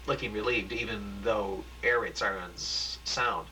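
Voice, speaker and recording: A man narrating stage directions from a homemade script. He reads haltingly and restarts often. His voice sounds bright and tense. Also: fairly low pitch, big pitch swings, vocal fry, slight background noise, low-quality recording. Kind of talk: reading a homemade script aloud.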